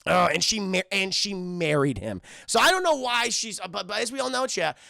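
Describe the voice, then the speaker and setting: A man streaming a crude, excitable film review, talking to his chat and laughing often. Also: high-pitched, fairly quick, creaky, dry recording. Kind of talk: casual livestream commentary.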